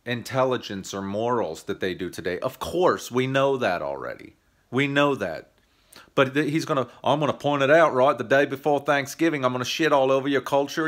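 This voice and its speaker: A man's voice: fairly low pitch, fairly bright tone. Profane ranting American man. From United States. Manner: profane, combative ranting with sarcastic mock voices. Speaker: YouTube comedian. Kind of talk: ranting video monologue.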